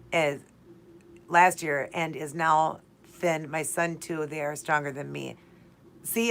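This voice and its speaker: A woman in her forties with a lower voice hosts a live stream, talking straight to her viewers. She speaks in a heartfelt, repetitive way, circling back to the same phrases, with a faint hiss of noise behind her. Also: fairly bright tone. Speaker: host of a live keto Q&A stream.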